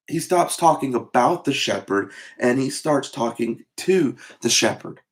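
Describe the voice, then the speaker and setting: A man giving a short devotional sermon as pastor, talking in a loose conversational way with frequent fillers and restarts, and slowing down to stress scripture. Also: medium pitch. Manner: conversational, with many fillers and repeated words.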